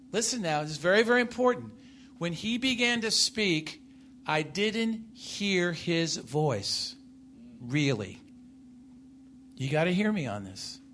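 A man preaching a sermon, emphatic, swinging his voice up and down and putting questions to the congregation. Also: a little hiss or hum. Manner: emphatic, rises and falls in pitch and loudness, asks the congregation questions.

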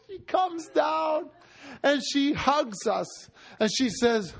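A man preaching, telling a story in a conversational way and acting out the dialogue, shifting between loud and hushed. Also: high voice, very animated, unhurried. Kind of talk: storytelling sermon.

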